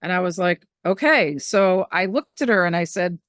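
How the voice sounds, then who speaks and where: A middle-aged woman, a medium and spiritual teacher, telling stories in a casual, animated way and acting out the voices she quotes. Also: fairly low pitch, moderate pace, few pauses, dry recording. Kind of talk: casual storytelling conversation.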